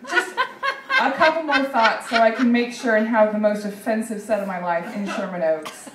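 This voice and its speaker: A woman's voice: fairly high pitch, normal speed, noisy background. Sarcastic woman comic on an echoey stage. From Dallas, Texas. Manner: deadpan sarcastic, with filler ums and likes. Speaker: stand-up comedian. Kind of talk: stand-up comedy set. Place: comedy club stage. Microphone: handheld stage mic. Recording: echoey room from far off.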